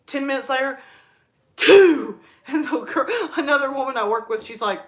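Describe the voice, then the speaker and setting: A young woman chatting on her live stream, telling stories with quick laughs. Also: sits high, fairly bright tone. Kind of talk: casual live stream chat.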